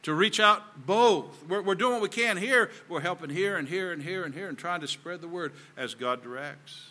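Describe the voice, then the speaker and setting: A man's voice: sits high, fairly quick, bright, forceful tone. A man with a Southern US accent preaching a sermon in an earnest, folksy way that builds in emphasis.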